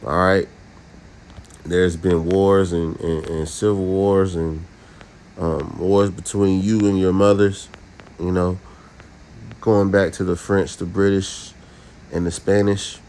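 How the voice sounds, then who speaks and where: A man with a very low voice teaches from scripture. He reads verses out slowly and then preaches on them, checking in with his listeners again and again. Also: little pitch movement, darkish tone, slight background noise. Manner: preachy, repeats "all right?". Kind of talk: scripture lesson.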